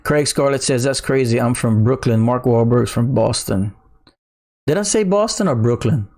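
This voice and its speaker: A middle-aged man from Louisiana with a Cajun accent, chatting casually on a crypto livestream, reading viewer comments in an excitable, slangy way. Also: mid-range voice, normal speed. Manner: excitable, laughing, slangy, says "bruh".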